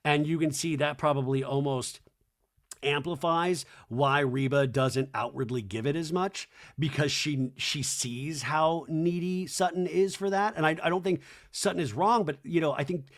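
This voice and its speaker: A man hosting a podcast, chatting casually and animatedly as he recaps a reality show. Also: a little high. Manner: animated, chatty, quick to act out quotes. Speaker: podcast host.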